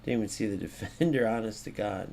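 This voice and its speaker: A young American man gives live commentary over his own football video game matches. He swears freely and swings from muttered asides to sudden loud outbursts. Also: lowish voice, fast talker, creaky, a little hiss or hum. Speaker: gaming YouTuber.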